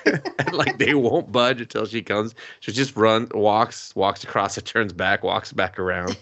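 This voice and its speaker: Male podcast co-host, lower pitch, animated casual recap with voiced quotes. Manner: animated retelling with quick voiced quotes and laughs; swears casually. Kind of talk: casual anime recap chat.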